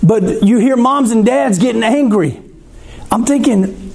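A man's voice: very high voice, measured pace, a little mellow, breathy edge. A man preaching a conversational sermon, asking the congregation questions.

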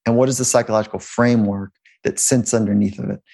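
A man's voice: on the low side, steady tone, fast talker, gravelly, mellow. A man, a sports psychologist, telling stories in an interview in a loose, rambling way with frequent restarts and chuckles. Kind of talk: conversational interview storytelling.

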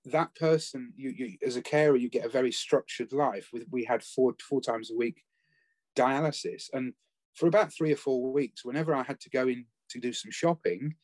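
A man, talking earnestly and haltingly about caring for his late spouse in a conversational interview. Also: mid-range voice, no echo. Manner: earnest, reflective, halting with restarts. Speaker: bereaved former family carer, guest.

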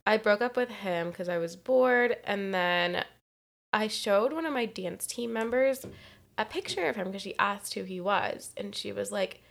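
A woman's voice: medium pitch, animated, unhurried, vocal fry. A woman in her twenties from California, a podcast co-host telling a personal story in casual chat, candid and profane, often laughing mid-sentence.

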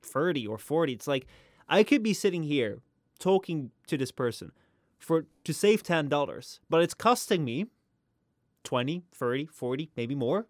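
A man's voice: fairly high pitch, lively intonation, normal speed, no echo. A man co-hosting a podcast talks in loose casual chat, stumbling over his words and working up to his point. His voice sits close to the mic in a dry, dead space. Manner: hesitant, lots of fillers and restarts, builds up to the point. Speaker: podcast co-host.

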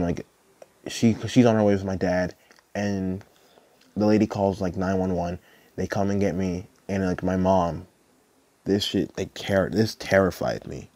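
A young man tells a personal story on his podcast, his voice sitting very low and the sound dry and close. He rambles and restarts, filling nearly every phrase with "like" and the odd curse. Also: a little mellow, no echo. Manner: rambling, heavy use of "like", profane. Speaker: podcast host.

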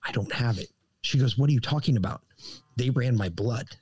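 A man talks as a podcast guest, telling a long story in a loose, profane way. He swears freely and jokes as he goes. His pitch sits in the middle for a man. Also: fairly quick, darkish tone, breathy edge. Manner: profane, joking anecdotes. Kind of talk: casual storytelling.

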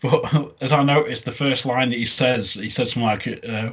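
A man with a husky, slightly raspy voice talks in an easy, chatty way, breaking into laughs as he recaps scenes. His pitch sits in an ordinary middle range, and the recording sounds dull and lo-fi. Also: fairly even intonation, a little fast, hardly any pauses. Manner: chatty, laughing often, quoting lines in funny voices. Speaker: podcast co-host reviewing a comedy episode. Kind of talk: casual recap chat.

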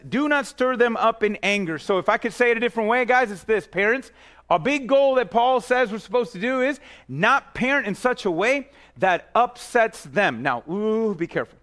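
A male pastor preaching a sermon in a casual, conversational way, speaking straight to parents and kids, often restarting phrases and dropping to a low, quiet voice for emphasis.

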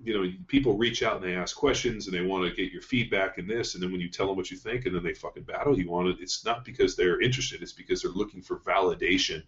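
A man's voice: deep voice, fast talker, few pauses, fairly bright tone. A man hosting a casual podcast, telling stories in a blunt, profane way. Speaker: podcast host, strength coach. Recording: dull, roomy studio sound.

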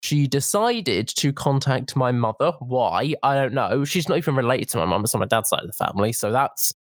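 A man's voice: medium pitch, animated, brisk, no room sound, studio quality. A young man co-hosting a casual podcast, talking in an indignant, sarcastic way. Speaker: podcast co-host. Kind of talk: casual opinion chat.

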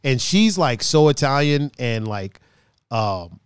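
A man from Brazil hosting a casual chat, animated and profane, laughing often. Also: medium pitch, takes it slowly, clear, resonant tone, no echo, clean studio sound. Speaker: podcast host.

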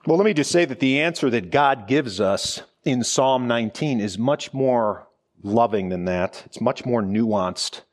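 A man's voice: mid-range voice, lively intonation, unhurried. A middle-aged man, a pastor, preaching a conversational sermon full of rhetorical questions and asides.

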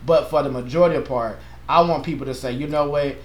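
Earnest passionate pastor in an echoey room. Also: male voice, medium pitch, fast. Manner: earnest, passionate, animated with playful asides. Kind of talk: casual chat.

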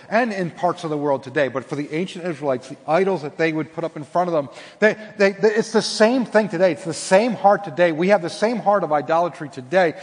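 A man preaching a sermon as pastor, swinging between loud, pleading lines and hushed, quiet ones. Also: fairly high pitch, slightly rough. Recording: long hall reverb.

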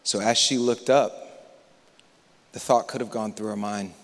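A man preaching a sermon as pastor, moving between hushed, near-whispered passages and loud, impassioned stretches. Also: fairly low pitch, steady tone, unhurried. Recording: long reverb of a large hall.

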